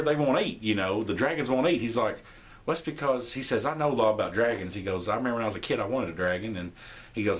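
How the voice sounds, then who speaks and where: A young man hosting a podcast, casually recapping an episode and acting out the characters' lines with shifting pitch. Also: a bit bright. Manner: rambling, acts out quotes with shifting pitch. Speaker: podcast host.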